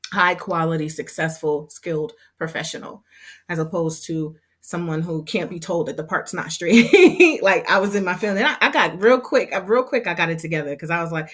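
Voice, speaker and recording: A woman on a casual livestream talking to her members, chatty and quick to laugh, with plenty of fillers and restarts. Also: on the low side. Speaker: hair business owner and instructor.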